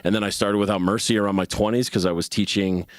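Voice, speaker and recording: A man's voice: fairly low pitch, steady tone, fast talker, dry recording. Man, 30s, guest musician; loose, profane, easygoing interview talk, dry close sound. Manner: laid-back, swears often, laughs a lot. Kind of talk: casual interview chat.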